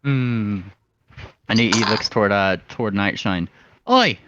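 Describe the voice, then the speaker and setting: A man's voice: lowish voice, fairly even intonation, unhurried, noisy background. A man playing a tabletop game, casually describing what his character does. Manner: casual, laughing. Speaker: player. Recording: dull lo-fi recording.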